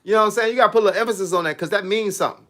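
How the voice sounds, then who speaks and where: A man in his late fifties, a boxing coach hosting a casual livestream, reading comments and giving animated, preachy advice in street slang. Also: sits high, racing. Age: 50s.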